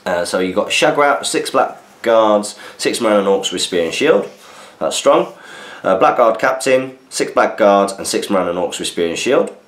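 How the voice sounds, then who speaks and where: Male podcast host, chatty and easygoing, deeper voice, answers listener mail, echoey room sound. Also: lively intonation, normal speed. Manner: chatty, reads listener messages aloud with asides. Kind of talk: casual chat. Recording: roomy echo.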